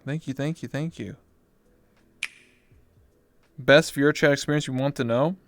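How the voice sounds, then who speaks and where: A man in his twenties chatting casually on a livestream, excitable and swearing freely. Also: mid-range voice, normal speed. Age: 20s. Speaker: VR chat streamer.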